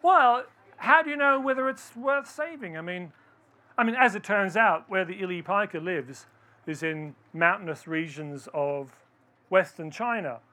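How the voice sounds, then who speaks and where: A man with a high, bright voice gives a live storytelling talk. He questions the audience directly and animates the story as he goes.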